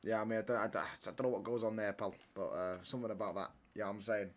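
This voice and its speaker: A man's voice: lowish voice, steady tone, fast. A young man hosting a live football watch-along, teasing his chat with cheeky banter, laughing often and ending lines with mate or pal. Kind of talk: live casual chat over a match.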